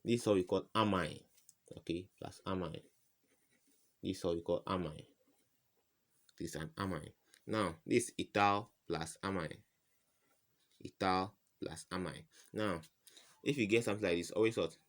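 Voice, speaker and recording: Deep-voiced guy tutoring chem, keeps going "what?" then repeats the answer. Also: normal speed, long pauses. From West Africa. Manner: asks rhetorical "what?" questions and repeats answers. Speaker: chemistry tutor. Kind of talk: informal whiteboard lesson.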